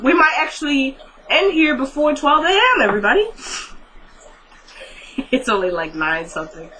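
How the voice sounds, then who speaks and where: Chatty bright-voiced TV recapper. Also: high-pitched, very animated, a little hiss or hum, low-quality recording. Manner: retells scenes in quick paraphrased dialogue, chatty and opinionated. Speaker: TV episode recapper. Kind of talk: casual recap of a TV episode.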